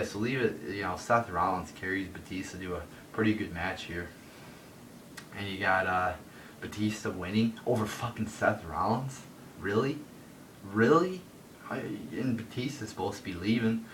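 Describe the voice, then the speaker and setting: A man's voice: fairly bright tone, far from the mic. A man ranting in a solo wrestling review into a phone, profane and rambling with lots of fillers. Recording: roomy echo from off-mic with faint rumble.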